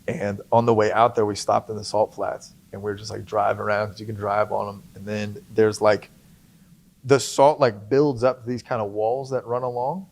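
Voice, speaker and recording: A man's voice: lowish voice, creaky, a little mellow. A young man chatting as a guest on a podcast, jokey and playful, laughing often. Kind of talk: casual podcast chat.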